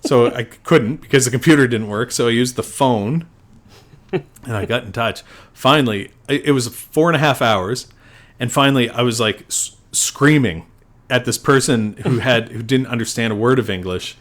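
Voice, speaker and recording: Middle-aged guy on a podcast, swears a lot, acts out quotes in his rants, normal pitch. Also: moderate pace. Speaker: podcast co-host; doctor. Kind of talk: casual chat.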